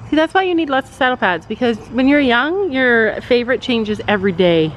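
In this casual family vlog at a horse barn, a mother chats away encouragingly and rambles a bit. She speaks briskly and expressively in a voice on the high side. The sound is lo-fi, with a little hiss or hum.

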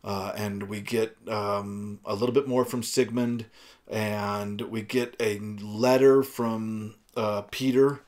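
A man's voice: lowish voice, level tone, slow pace, a little mellow. A man giving a casual, conversational book discussion, talking loosely with frequent fillers and restarts. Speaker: book reviewer.

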